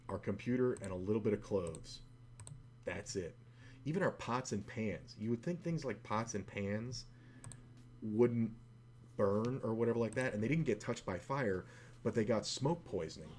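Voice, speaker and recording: A man with a lowish voice chats casually while he plays online poker on stream. He rambles, fills his talk with little fillers and swears freely. There is a faint background hiss under his voice. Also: normal speed, a little mellow. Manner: profane, rambling, full of fillers.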